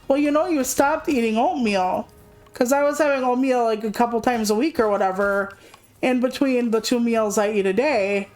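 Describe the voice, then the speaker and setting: Faint game music sits behind a young woman chatting on her game stream, candid and rambling, with plenty of swearing. Her voice leans high, and the recording is rough.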